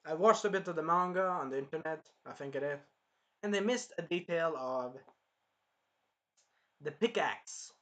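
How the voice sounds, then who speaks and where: A man giving a casual, excitable anime review, swearing freely along the way. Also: on the high side, normal speed, pauses often.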